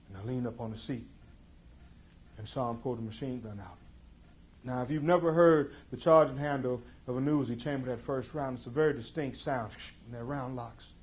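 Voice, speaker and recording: A middle-aged man telling a tense personal story in an intense, emphatic way, moving between loud passages and hushed ones. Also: mid-range voice, slight background noise. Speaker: speaker. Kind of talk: dramatic storytelling talk.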